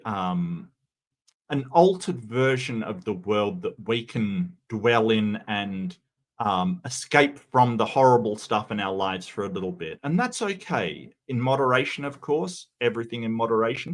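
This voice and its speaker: An Australian man hosts a casual livestream commentary in an easygoing, halting manner, frequently stammering and repeating words. His voice is medium-pitched and sing-song.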